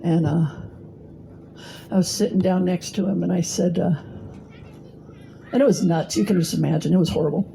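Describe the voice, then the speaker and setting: A middle-aged woman speaks from a podium mic in a blunt, salty storytelling voice. Her tone is gravelly and dark, and a faint room hum sits underneath. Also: on the low side, fairly even intonation, normal speed, pauses often, poor audio. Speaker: recovery meeting speaker. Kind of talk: personal testimony talk. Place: meeting hall.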